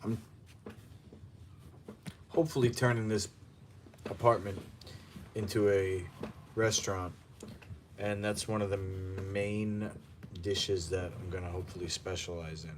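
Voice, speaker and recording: A man's voice: deep voice, fairly even intonation, a little slow, pauses often, a little hiss or hum. A man hosting a home news show, reading articles aloud and breaking off into sarcastic asides while he cooks in his apartment. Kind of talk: casual news commentary while cooking. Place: apartment kitchen.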